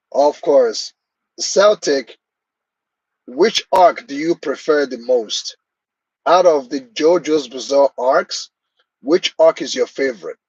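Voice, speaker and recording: A man's voice: medium pitch, darkish tone, breathy edge, dry recording, lo-fi sound. A man hosting a live stream, chatting casually and answering viewers' comments by name.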